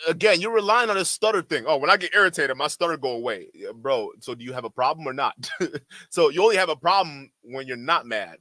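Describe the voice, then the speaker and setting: This man's high, pushed, bright voice comes through a dry recording as he streams a heated reaction to a clip. He rants and mocks, putting on exaggerated impressions of others, with an occasional slight stutter.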